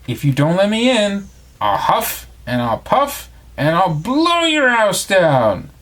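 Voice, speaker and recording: A man's voice: sits high, wildly swooping pitch, a bit bright, voice pushed up, heavily acted. A man voicing a hungry, pushy big bad wolf in a storybook reading, drawing out his threats. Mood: menacing. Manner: drawn-out, emphatic threats.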